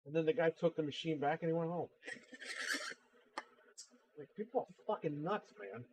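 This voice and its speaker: A man's voice: on the high side, normal speed, muffled recording, a little hiss or hum. A man hosting a casual livestream, telling blunt, profane, exasperated stories about customers. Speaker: livestream host and console repair seller.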